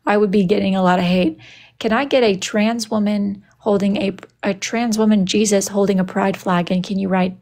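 A woman's voice: mid-range voice, steady tone, moderate pace, a little mellow. A young woman hosting a casual livestream, reading viewer comments aloud in a sassy, dramatic, playful way. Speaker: livestream host.

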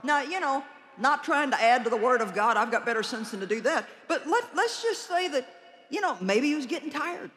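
A woman preaching a conference sermon in a large hall, animated and joking, and she calls out her key lines loudly. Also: high-pitched, a little fast.

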